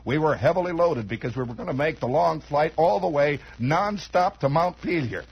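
A man's voice: fairly high pitch, animated, moderate pace, vocal fry, breathy edge, poor audio. A man telling a long, rambling comic story, chatty and digressive, full of asides and restarts.

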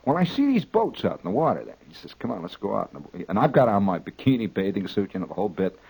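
A man telling a rambling, exaggerated comic anecdote, halting with restarts and repeats. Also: fairly low pitch, slightly rough, low-quality recording. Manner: animated, exaggerating storyteller.

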